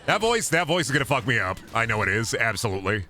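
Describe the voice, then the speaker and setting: A hoarse man streaming a game, chatting casually in a rambling, profane way that keeps restarting. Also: medium pitch, sing-song, quick pace, pushed and bright, a little hiss or hum. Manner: rambling, profane, self-interrupting. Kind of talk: casual gameplay chat.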